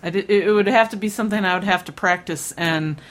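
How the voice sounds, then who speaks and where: A woman's voice: mid-range voice, fast talker. A woman co-hosting a podcast in casual chat, laid-back and dryly dismissive in banter. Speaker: podcast co-host.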